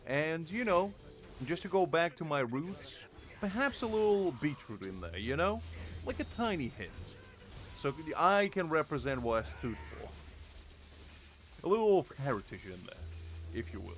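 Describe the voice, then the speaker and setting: A man's voice: a little high, very animated, unhurried, soft background music. Playful teasing male game streamer. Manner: playful, mock-exasperated teasing. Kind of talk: casual live-stream banter.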